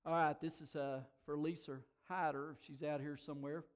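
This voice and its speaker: Smooth and level in tone, a middle-aged pastor's fairly high voice moves briskly. He preaches warmly through personal anecdotes, earning laughs and swelling to emotional, emphatic peaks.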